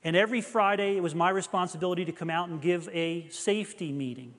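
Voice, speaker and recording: A man's voice: high-pitched, quick pace, fairly bright tone, big-room sound. A middle-aged man preaching a sermon, telling a personal story in an earnest, confessional way.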